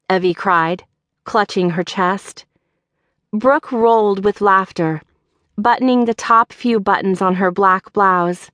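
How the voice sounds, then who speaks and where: In scripted audiobook narration, this woman tells the story at a calm, steady rhythm. Her mid-range voice is captured with studio quality and no trace of the room.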